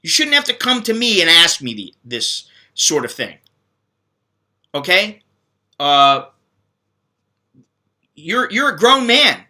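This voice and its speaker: A man's voice: high-pitched, sing-song, takes it slowly, pauses often, sharp tone. A middle-aged man from the United States hosting a casual monologue, bluntly lecturing viewers and acting out little quoted voices. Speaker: channel host answering viewer questions.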